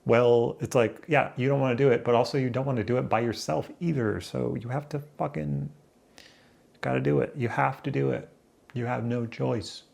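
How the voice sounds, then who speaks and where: Male vlogger, mid-range voice with gravel, rambling and self-mocking at a camera. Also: mid-range voice, fairly even intonation, moderate pace, darkish tone. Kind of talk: rambling solo daily vlog. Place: room indoors near a window. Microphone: camera in front of him, seated.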